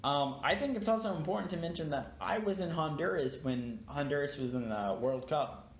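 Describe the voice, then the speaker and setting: A man's voice: fairly high pitch, a little fast, slight background noise. A young man co-hosting a podcast, sleep-deprived and yawning, telling a rambling story full of fillers and restarts in casual chat. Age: young adult. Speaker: podcast co-host.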